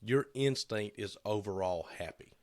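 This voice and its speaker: A man's voice: fairly low pitch, normal speed, a little mellow. A man telling a shop story as co-host of a casual podcast, slipping into quoted voices as he goes.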